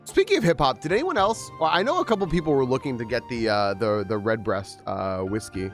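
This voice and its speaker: A man's voice: medium pitch, very animated, fairly quick. A young man streams a game at his desk mic, chatting loosely with his viewers. He laughs often, his voice sitting mid-range. Faint music plays in the background. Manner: chatty, laughing, greeting chat. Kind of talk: casual live-stream chat.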